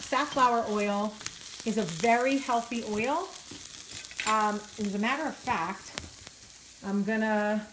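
A chatty woman talks her viewers through a recipe, full of fillers and jokes at her own expense. Her voice sits in a middle register. Loud frying and sizzling from the pan run under everything she says. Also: mid-range voice, background noise. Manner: chatty and self-deprecating, many fillers. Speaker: vlogger cooking on camera. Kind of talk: casual self-filmed cooking vlog. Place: home kitchen, frying at the stove. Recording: home kitchen with loud sizzling.

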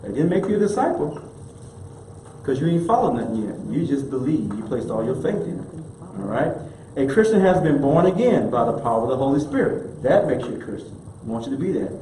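A man's voice: mid-range voice, dark tone. A man preaching a sermon as minister, emphatic and colloquial, repeating key phrases for effect. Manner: casual colloquial delivery. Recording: echoey room with faint background noise.

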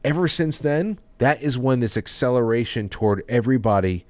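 A man's voice: medium pitch, lively intonation, a little fast, darkish tone, dry recording. A man hosting a podcast, talking in a loose, rambling way with many restarts. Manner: rambling, with frequent restarts and trailing off. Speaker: podcast host. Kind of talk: casual chat.

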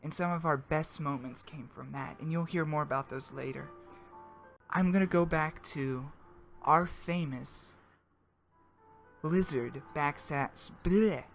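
A man's voice: fairly high pitch, unhurried, vocal fry, fairly bright tone, faint music behind. A man co-hosting a comedy podcast in casual chat, playful, tripping over words and laughing. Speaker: podcast co-host.

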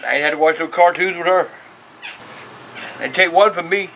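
A man's voice: fairly high pitch, normal speed, bright, forceful tone, a little hiss or hum. An older man hosting his own show, talking bluntly to camera and swearing constantly. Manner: profane and blunt, peppered with curses. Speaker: show host answering viewer questions. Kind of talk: casual talk to camera.

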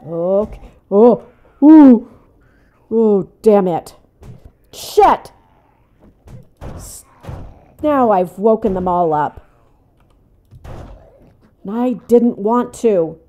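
Older woman, gaming commentary, slow talker, mellow tone, whispers then outbursts. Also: mid-range voice, lively intonation. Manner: talks to herself, swings from hushed whispers to loud outbursts. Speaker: gaming channel host. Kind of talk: casual let's-play commentary.

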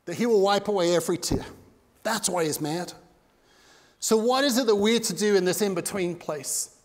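A male pastor with a high voice preaches with passion, dropping to a near-hush and then surging again. His voice rings out with the long reverb of a church hall. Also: normal speed. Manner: impassioned preaching that swings from loud to hushed. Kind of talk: sermon. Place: church sanctuary.

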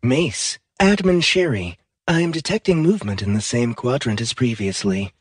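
An audiobook narrator voicing a male AI computer that reports in a flat monotone. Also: mid-range voice, moderate pace, slightly rough, no echo, studio quality. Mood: flat reporting. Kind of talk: audiobook excerpt.

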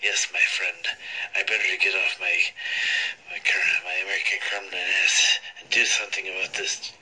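A man's voice: sits low, level tone, moderate pace, pushed and bright, husky, exaggerated voice, low-quality recording. A man putting on a pompous Russian retailer. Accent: mock Russian.

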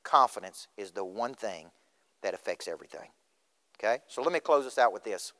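Speaking in a reverberant school auditorium, a middle-aged Tennessee man gives a motivational speech and puts questions straight to the audience. His voice is on the low side, animated and brisk, with a bright, forceful tone.

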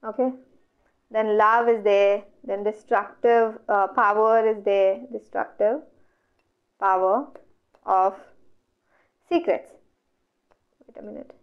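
In dull, lo-fi audio, an Indian English-accented woman leads an online exam revision session, posing questions to herself and then answering them as she works through each step. Her mid-range voice is smooth and fairly even, and she talks slowly with long pauses.

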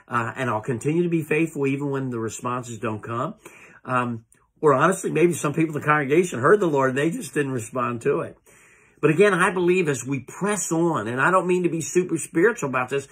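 A middle-aged pastor preaching in an earnest, halting way, circling back over his words. His voice has a husky, slightly breathy grain at a mid pitch. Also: a bit bright. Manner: earnest, halting delivery with many repeated words. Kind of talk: sermon. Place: church sanctuary.

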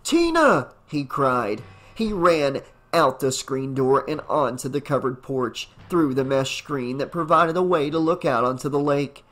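A man narrating a fan novelization as an audiobook in a dramatic, deliberate reading. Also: mid-range voice, fairly bright tone. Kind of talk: scripted narration.

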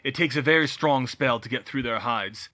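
A man's voice: medium pitch, sharp tone, natural voice. A man reading a lecturing grown wizard. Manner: lecturing, measured. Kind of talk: audiobook reading of fan fiction.

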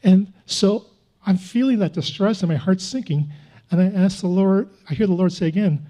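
A man's voice: high voice, normal speed, warm tone. A man preaching a sermon as a pastor, telling a personal testimony in an earnest, confessional way with self-mocking chuckles.

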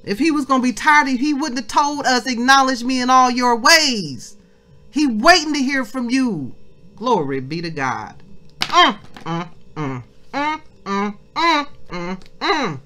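A woman leading a weekly devotional in an impassioned preaching style, repeating phrases and calling her listeners family. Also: fairly high pitch. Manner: repeats phrases, swings from hushed prayer to loud exhortation; informal, addresses listeners as family. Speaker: ministry leader giving a devotional.

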